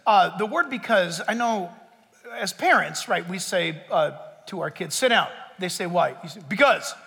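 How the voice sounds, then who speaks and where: A man preaching a sermon as pastor, emphatic and joking, jumping from loud punchlines to quiet asides. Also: big-room sound. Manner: emphatic, rising to shouts and dropping low for asides; joking, with quick laughs.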